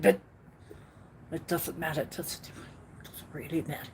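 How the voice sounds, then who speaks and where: A woman hosting a casual live-stream chat, rambling and giggly with many fillers, swinging from loud exclamations to trailing murmurs. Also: on the low side, normal speed, vocal fry, husky, rough recording. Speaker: host.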